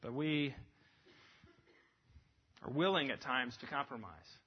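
A man preaching a sermon, earnest and emphatic, swinging between lifted passages and hushed drops. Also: mid-range voice, animated, slow pace, slightly rough. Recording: dull lo-fi recording.

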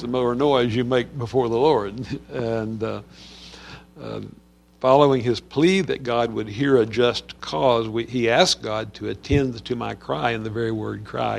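Gravelly man teaching the Psalms. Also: medium pitch. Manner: conversational, with many fillers and restarts. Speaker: Bible teacher. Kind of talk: Bible study teaching.

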